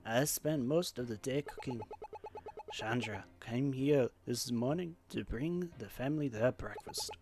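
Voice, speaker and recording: A man's voice: mid-range voice, measured pace, over music, lightly acted. A man voicing an adult male French chef with a clumsy mock French accent, proud and fussy. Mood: defensive. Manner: voices his own lines in a put-on accent he admits he can't do.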